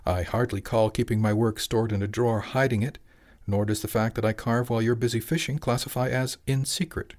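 A man voicing a calm, slightly insolent teenage son who speaks with a soft, airy drawl. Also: medium pitch, normal speed, natural voice.

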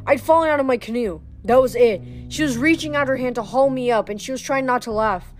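A woman's voice: on the high side, fairly quick, soft background music. Woman reading a novel aloud. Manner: plain reading with small slips and restarts. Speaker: reader.

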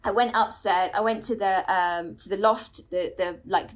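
A woman comedian, a guest on a podcast, chatting casually and telling an animated story with lots of fillers and the odd swear word. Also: medium pitch, moderate pace.

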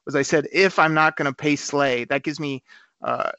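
A man hosting a sports talk show, arguing his point quickly and stumbling over repeated words. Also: on the high side, steady tone, pushed and bright, clear, resonant tone, no room sound. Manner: argumentative, rapid, trips over repeated words. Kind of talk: casual sports radio chat. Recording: slightly dull lo-fi sound.

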